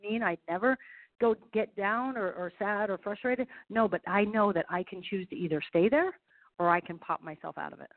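A woman's voice: medium pitch, moderate pace. A middle-aged woman, a golf professional and speaker, talking as an upbeat, motivational radio interview guest. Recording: tinny phone line.

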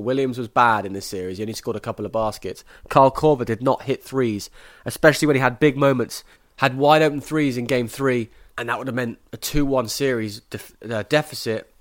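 A man hosting a sports podcast, giving brisk, opinionated analysis and then interviewing a guest. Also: medium pitch. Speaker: podcast host.

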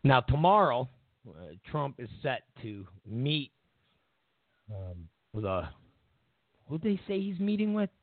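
Sarcastic gravelly male talk host. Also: medium pitch, very animated, slow pace, long pauses, no echo. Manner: sarcastic, mocking, repeats phrases, chuckles often. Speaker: political talk show host. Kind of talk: casual political commentary. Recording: tinny phone-like audio.

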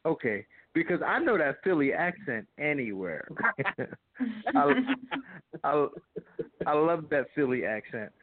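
A man talking as an interview guest, rambling and animated, laughing often. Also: a little high, slow pace, pauses often, dry recording. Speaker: guest, former fighter and actor. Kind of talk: casual phone interview. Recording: tinny phone line, dry.

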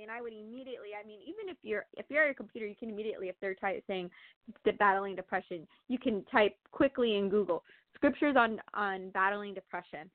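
A woman telling a personal faith story in casual, animated chat, with lots of fillers and laughter. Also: on the high side, a little fast, no echo. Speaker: guest sharing testimony. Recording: tinny phone-like line, dry.

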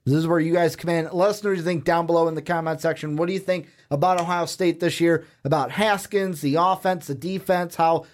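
A man's voice: on the high side, fairly even intonation, fairly quick, few pauses. A young man co-hosting a sports podcast in casual chat, quizzing his partner with rambling asides. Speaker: podcast co-host.

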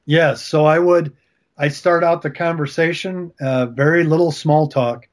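A man's voice: fairly high pitch, steady tone, measured pace. A man speaking as a guest author and coach in a faith-based interview, talking in an earnest, encouraging way with emphatic repetitions.

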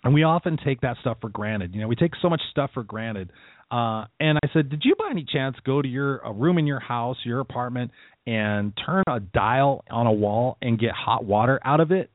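A middle-aged man hosting a motivational radio show, telling stories in a casual, animated way and acting out the voices of people he quotes. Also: mid-range voice, moderate pace, dry recording. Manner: animated storytelling, acts out quoted lines, casual swearing. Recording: dry, phone-like narrow sound.

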